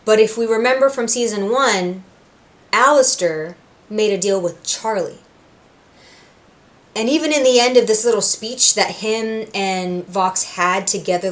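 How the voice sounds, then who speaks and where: A woman from Puerto Rico hosting a reaction video, recapping scenes with animated storytelling and acting out the characters' lines. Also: medium pitch. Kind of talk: casual recap and commentary.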